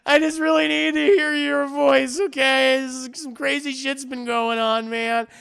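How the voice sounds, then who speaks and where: A man voicing a distraught secret lover who pleads in a high, strained voice. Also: level tone, measured pace, vocal fry, a bit bright, full character voice. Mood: pleading.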